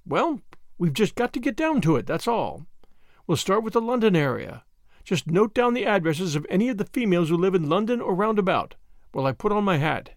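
Casting: man reading as a lively young woman sleuth, eager and brisk, raised and very lively pitch, dry close sound. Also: no echo. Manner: eager, brisk, quick to enthuse. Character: spirited impatient young woman adventurer.

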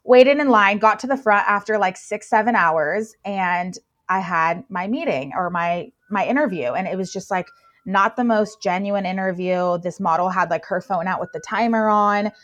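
A woman's voice: mid-range voice, moderate pace. A young woman, a plus-size model, telling her story in a casual interview, gushing and full of filler words. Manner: gushing, filler-heavy, excitable.

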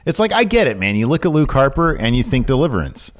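A man's voice: mid-range voice, very animated, fast. A man co-hosting a casual podcast, laid-back and jokey, often chiming in with agreement. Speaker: podcast co-host. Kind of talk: casual chat.

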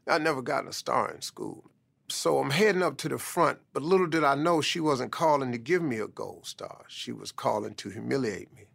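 A man tells his life story in a motivational style, leaning on "man" to drive his points home. His voice is gravelly and forceful, and he delivers with emphatic conviction. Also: mid-range voice, animated, normal speed. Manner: emphatic, repeats "man" for stress. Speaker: speaker telling a life story.

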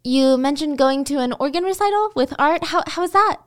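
A woman's voice: sits high, lively intonation, fairly quick, pitched above the performer's own voice. A woman voicing a nervous middle-aged waitress who talks anxiously and tries hard to please. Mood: uneasy.

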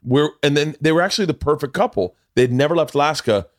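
A man's voice: a little high, quick pace, no echo, clean studio sound. Profane rambling man telling stories. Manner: rambling, profane, restarts often, gets loud and laughs when excited. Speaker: podcast host. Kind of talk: casual chat, storytelling.

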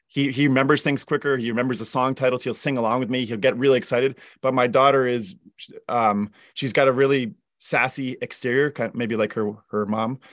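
A man's voice: medium pitch, fairly bright tone, no echo. Guy drummer chatting on a podcast, says like a lot, restarts, dry close mic. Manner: rambling, many "like" fillers and restarts. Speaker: guest drummer. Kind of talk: casual chat.

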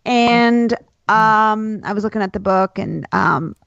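A woman's voice: medium pitch, takes it slowly, creaky, a bit bright, no room sound. A woman hosting a podcast and talking with friends in a chatty, self-deprecating way. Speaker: podcast host. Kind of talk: casual chat. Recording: slightly dull lo-fi sound.

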